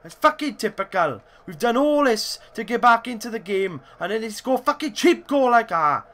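A young man doing gameplay commentary, swearing constantly and swinging between frustrated shouts and low muttering. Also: very animated, normal speed. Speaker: gaming YouTuber.

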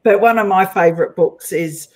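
A woman's voice: medium pitch, normal speed, a little mellow, rough recording. A woman with an Australian accent, hosting an interview in a chatty, playful way and laughing often. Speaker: host. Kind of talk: casual interview chat.

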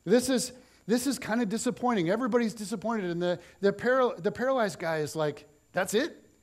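A man preaching a sermon as pastor, telling the story in an animated way and acting out its scenes. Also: high voice, brisk.

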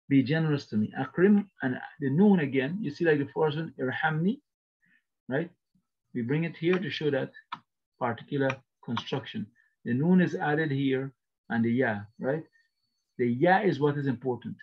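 A man's voice: medium pitch, a little fast, breathy edge, muffled recording. A man teaching a recorded lecture, explaining patiently and repeating each phrase with frequent "right?" checks. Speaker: Arabic teacher.

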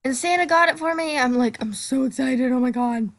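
A bubbly female host talks her way through casual gameplay commentary, gushing with excitement. Her voice sits a little high. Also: a little fast, creaky. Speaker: gaming channel host.

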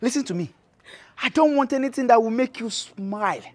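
Man acting as a spiteful menacing husband, high voice, lively swooping pitch. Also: brisk, dry recording. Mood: scornful. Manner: taunting, menacing, tag questions "eh?". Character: cruel, spiteful husband threatening his pregnant wife. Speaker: cruel husband. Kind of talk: web skit drama acting.

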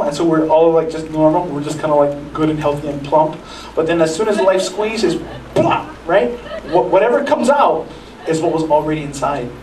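Man, high voice, pastor, casual sermon, stumbling restarts, roomy church, faint background noise. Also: darkish tone, far from the mic. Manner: conversational preaching with many restarts and acted asides. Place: church sanctuary.

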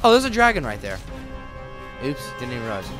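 A man hosting a let's play, excitable and joking, talking back at the game's characters as he plays. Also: medium pitch, a little fast, music in the background. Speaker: gaming channel host.

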